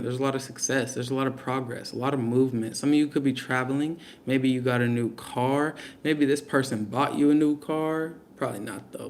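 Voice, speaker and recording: A man's voice: mid-range voice, slight background noise. A young man giving a casual live tarot reading, blunt and slangy, talking straight to his viewers. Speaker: tarot reader.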